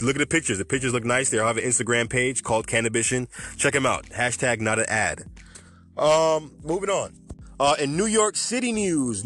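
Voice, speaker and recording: A man hosting a podcast off the cuff, chatty and rambling, often correcting himself mid-sentence. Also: medium pitch. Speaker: podcast host. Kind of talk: unscripted cannabis news podcast.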